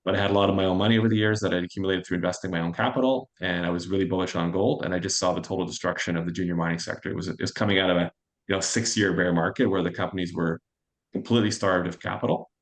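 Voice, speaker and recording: A man in his forties, a fund manager guest, telling his career story in an interview with a quick, self-assured manner. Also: sits low, fairly even intonation. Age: 40s. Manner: fast, anecdotal and self-assured.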